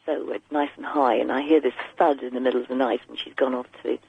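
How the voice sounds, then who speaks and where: A woman's voice: a bass voice, steady tone, quick pace, creaky, breathy edge, no echo. A woman calling a radio show, chatting away with plenty of restarts, heard over a muffled phone line. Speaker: caller.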